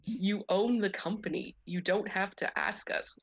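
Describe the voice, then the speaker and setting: A woman's voice: mid-range voice, fairly even intonation, measured pace, no room sound. A woman in a book club chatting casually, frank and wry, rambling through her thoughts. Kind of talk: casual chat.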